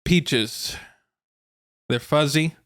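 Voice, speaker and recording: A man's voice: a little high, extremely slow, fairly bright tone, smooth. A man co-hosting a casual podcast, chatting loosely and laughing at his own jokes. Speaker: podcast co-host. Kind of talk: casual chat.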